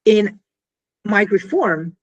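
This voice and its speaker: A woman explains her product in a loose interview, using lots of fillers and acting out quick scenes, all very animated. Her voice is a bit husky with wide pitch swings, and the audio sounds dull.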